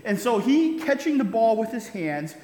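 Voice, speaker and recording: High-voiced man preaching in an echoey hall. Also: very animated, moderate pace, warm tone. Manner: storytelling with frequent "right?" asides and laughs. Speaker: pastor. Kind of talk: sermon. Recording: roomy hall reverb.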